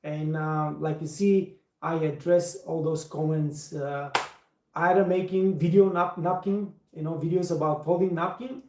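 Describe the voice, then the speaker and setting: A man's voice: on the high side, fairly even intonation, unhurried, darkish tone. Emphatic man, echoey room. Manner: emphatic, repeats words for stress, non-native phrasing. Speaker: livestream host and waiter trainer. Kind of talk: casual livestream talk.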